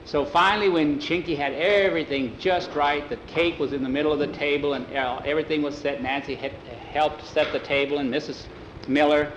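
A man telling a homespun family story aloud in an easygoing, unhurried way, voicing the characters as he goes. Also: a little high, fairly even intonation, roomy sound, noisy background. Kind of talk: oral storytelling.

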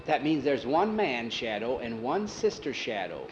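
A man voicing a shy, doubtful young boy who speaks quietly in a told story. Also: mid-range voice, sing-song, unhurried, muffled recording, background noise.

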